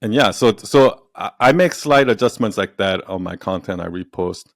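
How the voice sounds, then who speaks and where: As a podcast guest in a relaxed interview, this entrepreneur and storyteller spins stories with energy, performing the quotes and laughing frequently. His voice is fairly low and gravelly, animated at a moderate pace, in studio-quality audio without echo.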